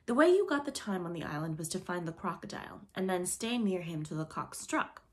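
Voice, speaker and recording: A woman narrating a classic storybook in an expressive, lively reading manner. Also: lowish voice, fairly quick. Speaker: audiobook reader.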